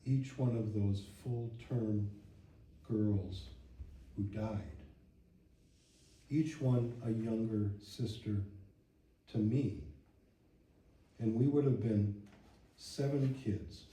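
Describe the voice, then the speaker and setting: A man's voice: on the low side, extremely slow, long pauses, warm tone. A man in his seventies reading his poems aloud at a public reading, wry and reflective, in a church hall. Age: 70s. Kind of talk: poetry reading. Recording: echoey hall, mic at a distance.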